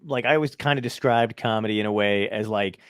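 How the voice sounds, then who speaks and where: A man's voice: fairly low pitch, fast, a bit bright, clean tone, dry recording, clean studio sound. A man hosting a casual interview, laid-back and chatty, swearing casually as he talks. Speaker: podcast host.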